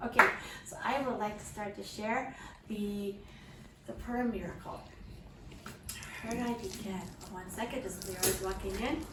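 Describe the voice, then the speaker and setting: A woman's voice: medium pitch, normal speed. A woman in middle age tells an emotional personal story to a small group, earnest and often restarting her sentences. She is picked up from across an echoey room, and a faint background hiss runs under her voice. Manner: earnest, heartfelt, frequent restarts and asides to listeners. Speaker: mother sharing a testimony. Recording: roomy, distant mic with faint background noise.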